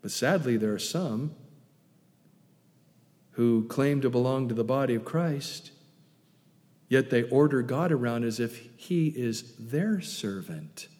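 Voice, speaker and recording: A male pastor preaching a sermon, urging loudly one moment and dropping to soft, hushed asides the next. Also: medium pitch, expressive, slow pace, long pauses. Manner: emphatic, swings between loud urging and soft hushed asides. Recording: reverberant hall.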